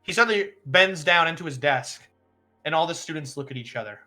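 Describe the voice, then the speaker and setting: A streamer narrating a live tabletop role-play as game master with animated storytelling. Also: mid-range voice, a little fast, faint music behind.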